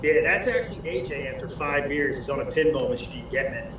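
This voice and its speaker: A man co-hosting a casual livestream, joking crudely in a lively way. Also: on the high side, fairly quick, roomy sound, recorded from a distance, heavy background noise. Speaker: livestream co-host.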